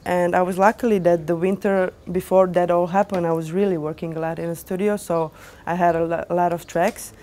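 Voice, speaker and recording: A young woman DJ telling her story to an audience in animated, non-native English with small grammar slips, lots of fillers and restarts. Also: lowish voice, brisk. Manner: animated, acts out quoted dialogue. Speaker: DJ giving a lecture.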